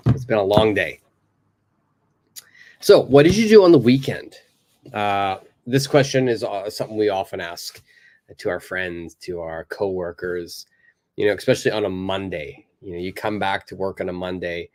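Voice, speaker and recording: A man teaching in a live online lesson, relaxed and encouraging, with frequent "uh" fillers. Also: deep voice, moderate pace. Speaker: English teacher.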